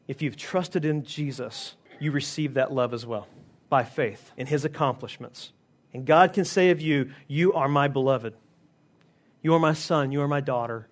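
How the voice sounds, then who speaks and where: A man preaching a sermon, emphatic, slowing down to stress key phrases. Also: on the high side, fairly bright tone. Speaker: pastor.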